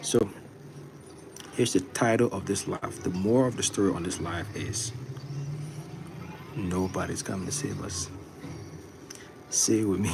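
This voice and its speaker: A man's voice: medium pitch, expressive, a little fast, vocal fry, long pauses, a little mellow, slight background noise. A man, a content creator talking earnestly and repetitively to viewers on a livestream. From Liberia. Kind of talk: livestream chat.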